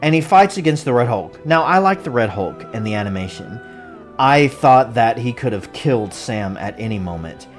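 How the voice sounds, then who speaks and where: Casual film reviewer, incredulous and ranting, lively pitch, faint music underneath. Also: normal speed. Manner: animated, incredulous, exasperated rants. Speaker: movie reviewer.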